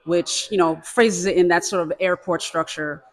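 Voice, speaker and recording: A man hosts an interview in a slightly high voice. He stays calm and explains ideas to the audience in an even way. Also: normal speed. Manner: calm, explains concepts to the audience between brief affirmations. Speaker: podcast host. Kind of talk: casual interview.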